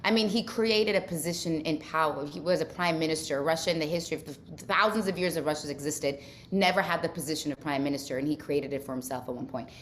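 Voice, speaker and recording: A woman from Ukraine talks earnestly as an interview guest, her thoughts spilling into long run-on sentences. Her voice sits a little low for a woman. A faint low rumble hums under the recording. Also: quick pace, few pauses. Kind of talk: casual conversational interview.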